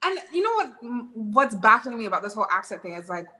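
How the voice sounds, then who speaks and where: A woman's voice: a little high, sing-song, fast talker, bright, forceful tone, low-quality recording. A woman speaking frankly and with strong opinions as a panelist in a studio chat. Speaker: guest panelist.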